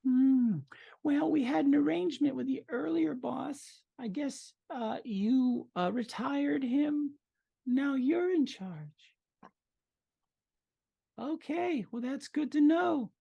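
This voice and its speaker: A man putting on a high, smug female goblin. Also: slow, creaky, highs cut off, exaggerated voice. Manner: mock-polite, condescending. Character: scheming female goblin envoy, smug and haughty. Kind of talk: tabletop role-play voicing.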